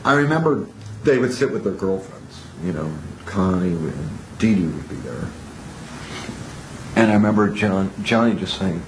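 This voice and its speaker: A man with a fairly low voice tells lively anecdotes, picking up speed as the story builds. He sits in a roomy space with faint noise behind him. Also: moderate pace. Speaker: interviewee. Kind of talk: documentary interview.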